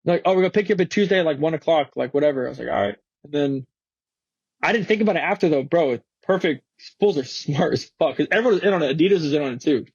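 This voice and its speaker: A man's voice: on the high side, very fast, breathy edge, no room sound, dull audio. A young man from Florida, an interview guest telling a story casually, full of slang and fillers. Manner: slangy, animated, swearing, many fillers.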